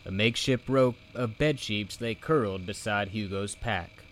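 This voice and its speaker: Man, low voice, slow pace, audiobook narration, expressive. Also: a little hiss or hum. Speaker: reader.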